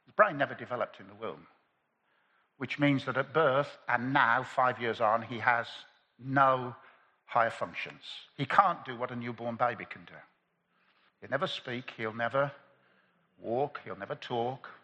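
An older man preaching a sermon at a convention, impassioned, climbing to loud emphasis and then dropping quiet. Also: mid-range voice, measured pace. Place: large convention hall. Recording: long hall reverb.

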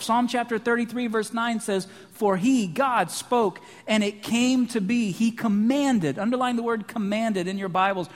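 High-voiced preacher in a reverberant hall. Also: male voice. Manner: emphatic preaching, slows down on key lines. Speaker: pastor. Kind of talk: sermon. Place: church sanctuary. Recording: long reverb of a large hall.

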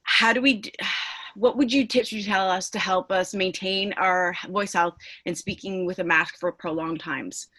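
A woman's voice: medium pitch, steady tone, moderate pace, sharp tone. A woman, a teacher, asking questions in a casual discussion, often hesitating and restarting.

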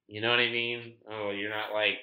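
Laid-back man with a bright voice. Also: on the low side, little pitch movement, normal speed. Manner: laid-back, echoes and builds on his partner's lines. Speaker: podcast co-host. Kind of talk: casual chat.

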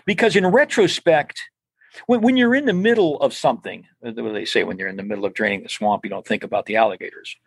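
A man's voice: medium pitch, fast talker, gravelly, husky, no room sound. An older man, an interview guest, telling stories casually and rambling, with many restarts and repeated words. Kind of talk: casual storytelling.

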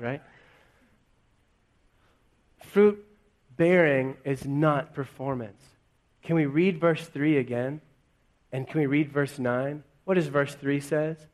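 A male pastor preaching a sermon to his congregation in a conversational way, peppering it with rhetorical questions. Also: fairly high pitch. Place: church in front of a congregation.

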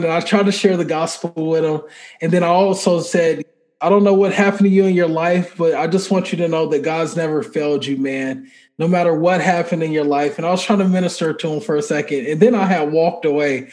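A man with a somewhat high voice tells a personal faith story as a podcast guest. He talks casually and animatedly, with plenty of fillers, and acts out the dialogue as he goes. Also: fairly even intonation, fairly quick, a little mellow. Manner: conversational filler-heavy speech.

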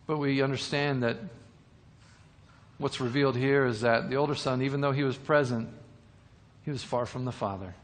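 A man's voice: mid-range voice, fairly even intonation, normal speed, pauses often, in a large hall. A man preaching a sermon, retelling a parable with repeated words and rhetorical questions.

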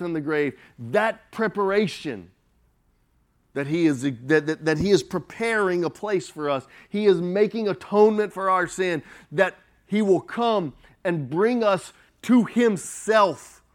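A man preaching a sermon as pastor, slow and emphatic, swelling and dropping his volume. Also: high-pitched.

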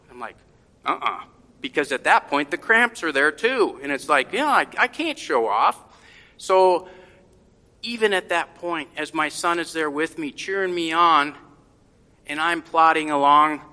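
A middle-aged man telling a reflective personal story to a congregation in a gentle, heartfelt, unhurried way. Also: a little high, long reverb tail.

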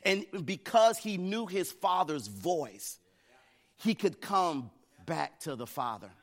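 This middle-aged American pastor speaks slowly in a slightly high voice with big swings in pitch. His sermon opens as a conversational family story and builds into fervent preaching.

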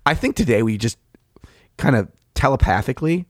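A man's voice: mid-range voice, animated, a little fast, dry recording, studio quality. A young man co-hosting a podcast about miniature painting, chatting casually in a laid-back, jokey way and often restarting his sentences. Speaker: podcast co-host.

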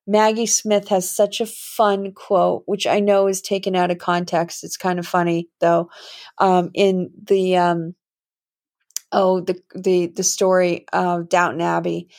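A woman's voice: lowish voice, level tone, measured pace, darkish tone. Woman musing in a rambling solo talk. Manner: rambling, musing, with many fillers and restarts. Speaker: podcast host and healing coach. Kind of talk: reflective solo monologue.

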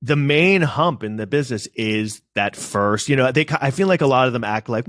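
A man co-hosting a casual podcast chat, animated and profane, often slipping into mocking voices. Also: mid-range voice, fairly quick, no echo. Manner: animated, swears, mimics people in quoted voices. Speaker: podcast co-host.

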